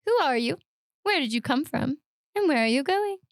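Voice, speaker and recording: Brief: sinister, oily barber, slow and wheedling, breaks into shrill outbursts, read aloud with a dry close sound, a woman doing the voice. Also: lively intonation, no room sound.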